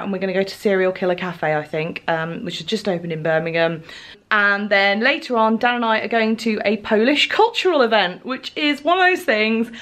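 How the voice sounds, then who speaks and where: Bubbly young woman vlogging. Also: medium pitch. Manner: chatty, bubbly, giggly. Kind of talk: casual vlog chat. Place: home, then a shop fitting suite.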